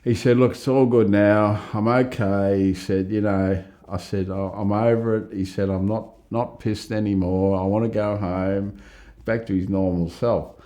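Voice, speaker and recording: A middle-aged Australian man telling a rambling, lively story in a casual interview. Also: fairly low pitch, a little slow. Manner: rambling, animated, laughs at own story. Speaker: interviewee, psychiatric ward worker.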